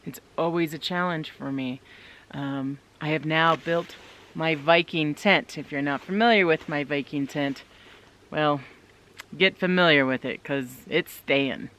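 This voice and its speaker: A woman's voice: low-pitched, a little slow, a bit bright, slight background noise. A woman vlogging from inside her tent in the snowy woods, chatting casually and upbeat straight to her viewers. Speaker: solo winter camping vlogger. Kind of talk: casual chat to camera.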